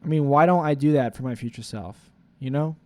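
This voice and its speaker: A man's voice: medium pitch, fairly quick, a little mellow. Rambling, profane young man. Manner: rambling and profane, with many "like" fillers. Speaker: vlogger. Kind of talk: rambling confessional monologue.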